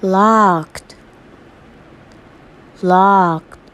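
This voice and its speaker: A woman whose first language is Arabic, reading a children's story aloud for an English lesson and repeating each vocabulary word twice, slowly and clearly. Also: medium pitch, fairly even intonation, fairly bright tone. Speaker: English teacher. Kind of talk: slow read-aloud lesson with word drills.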